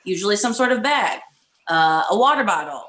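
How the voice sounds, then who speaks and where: A woman's voice: mid-range voice, expressive, brisk, a bit bright, slight background noise. A woman guest on a podcast who chats candidly and bluntly, laughing often. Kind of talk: casual conversation. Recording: echoey room sound.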